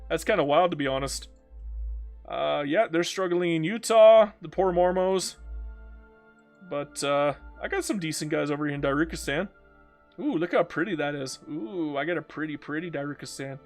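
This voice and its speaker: A man's voice: on the high side, moderate pace, faint music behind. A man streaming a strategy game, chatting casually, joking and reading viewer comments aloud. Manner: chatty, joking, reads chat aloud, breaks into silly mock voices. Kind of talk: live gameplay commentary.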